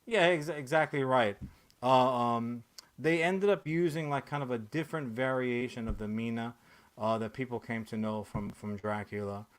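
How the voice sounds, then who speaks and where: A man's voice: mid-range voice, moderate pace. A man in his thirties hosting a casual comic-book podcast, ranting sarcastically and profanely with lots of fillers and restarts. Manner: profane, rambling, sarcastic rant with many fillers. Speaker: podcast host.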